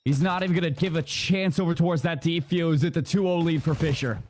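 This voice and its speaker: A man calling live esports play-by-play with quick calls of the action. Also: fairly high pitch, darkish tone, a little hiss or hum. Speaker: esports caster.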